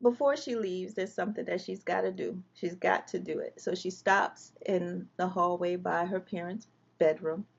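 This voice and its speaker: Gravelly-voiced woman telling a painful story. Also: fairly low pitch, fairly even intonation, moderate pace, lo-fi sound. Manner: vivid, retelling scenes with quoted dialogue. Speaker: guest. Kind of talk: emotional personal storytelling.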